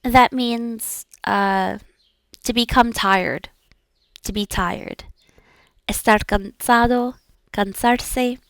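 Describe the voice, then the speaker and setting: A woman's voice: on the high side, very slow, vocal fry, pauses often, fairly bright tone, no echo, clean studio sound. A woman practicing pronunciation, repeating each word several times and then explaining the sounds in a modest, encouraging way. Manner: self-effacing and encouraging. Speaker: language learner practicing aloud.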